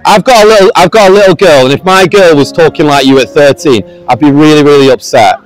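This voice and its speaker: A man's voice: a little high, fast talker, faint music behind, poor audio. A man preaching to passers-by outdoors, earnest and pleading, raising his voice at times. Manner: earnest, pleading, raises voice to the street. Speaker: street preacher. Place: outdoors on a busy street.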